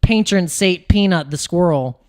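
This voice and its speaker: Man, american accent, crypto streamer, casual livestream chat, rambling, animated pitch swings. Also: measured pace.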